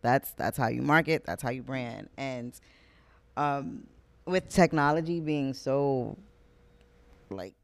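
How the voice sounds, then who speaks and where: A moderator leading a panel, enthusiastic but halting, with many restarts. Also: mid-range voice, vocal fry. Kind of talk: panel discussion.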